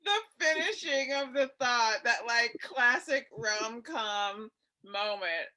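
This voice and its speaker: A woman's voice: fairly high pitch, expressive, slow pace, bright, forceful tone. A woman co-hosting a casual comedy podcast, laughing easily and making dry asides. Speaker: podcast co-host. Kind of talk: casual chat.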